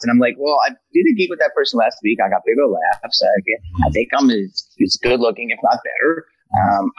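Male comic guest, lively storyteller, dry close sound. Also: medium pitch, breathy edge, no echo, lo-fi sound. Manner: animated storyteller, slips into character voices. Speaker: guest comedian. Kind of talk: casual podcast chat.

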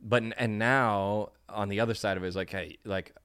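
A man guesting on a podcast in casual chat, joking around with lots of fillers and quick yeahs. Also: lowish voice, fairly even intonation, fairly bright tone, clear, resonant tone, no room sound, studio quality. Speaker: comedian guest.

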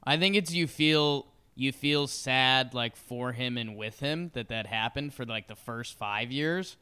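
A young man co-hosting a podcast in casual sports chat, relaxed and joking, often answering briefly. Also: medium pitch, a little slow, clear, resonant tone. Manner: relaxed, joking, short replies. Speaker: podcast co-host.

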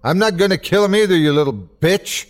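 A man's voice: medium pitch, very animated, a little slow, darkish tone. A man voicing a deranged older man in a horror story, who pleads and then snaps at a killer creature. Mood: furious.

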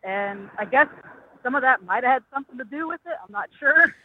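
A woman's voice: sits high, expressive, a little fast. A woman in her thirties calling in to ask a question, speaking hesitantly with many fillers. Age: 30s. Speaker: caller. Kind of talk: call-in question. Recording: tinny phone line with faint hiss.

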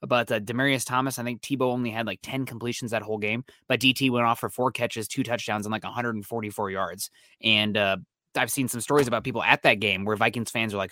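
Young guy talking super fast on a sports podcast, excitable, dry close mic. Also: mid-range voice, dry recording. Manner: quick, excitable storytelling. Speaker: podcast co-host. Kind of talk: casual sports podcast chat.

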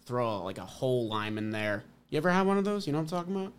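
A man's voice: mid-range voice, sing-song, quick pace, smooth. A man co-hosting a podcast in casual sports chat, upbeat and teasing. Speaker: podcast co-host.

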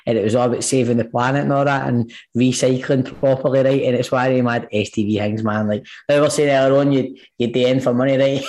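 A Scottish man co-hosting a podcast, telling animated stories with plenty of swearing. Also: medium pitch. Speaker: podcast co-host. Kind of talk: casual chat.

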